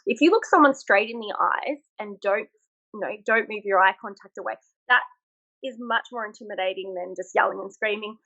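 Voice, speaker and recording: A woman's voice: medium pitch, fairly quick. Frank Australian woman, lo-fi call audio. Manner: frank, animated storytelling with frequent laughs. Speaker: guest, former military instructor. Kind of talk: casual interview chat.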